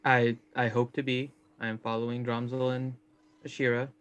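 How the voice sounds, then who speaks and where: Flat dry guy at a tabletop game, smooth voice, muffled recording. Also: medium pitch, moderate pace. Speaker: player. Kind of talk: casual tabletop role-play. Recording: dull lo-fi mic.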